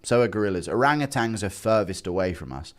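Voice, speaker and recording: A young man hosting a livestream, chatting casually and swinging between loud bursts and low mumbles. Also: lively intonation, quick pace. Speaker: livestream host.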